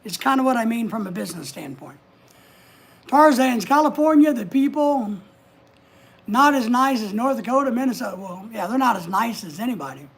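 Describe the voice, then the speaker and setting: A woman's voice: a little high, lively intonation, moderate pace, creaky, slightly rough. A woman hosting a casual livestream from home, chatting, giving advice and reading out viewer comments. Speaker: livestream host.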